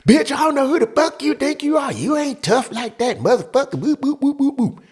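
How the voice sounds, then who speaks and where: A man voicing a brash, hot-tempered young woman from the hood, shrill and cursing. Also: lively intonation, fairly quick, a little mellow. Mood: shrieking.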